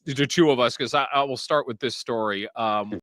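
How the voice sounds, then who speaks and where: A man's voice: medium pitch, brisk, no room sound. A man hosting a podcast from a studio, chatting casually and telling stories with laughter. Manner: lively, laughing storyteller. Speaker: podcast host. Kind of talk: casual interview chat.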